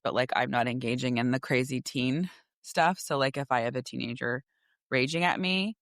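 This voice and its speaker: A woman's voice: a bass voice, no echo, studio quality. A woman in her forties, a podcast co-host and coach, chatting casually and acting out her kids' voices as she tells stories. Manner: animated storyteller who acts out her kids' voices. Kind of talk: casual chat.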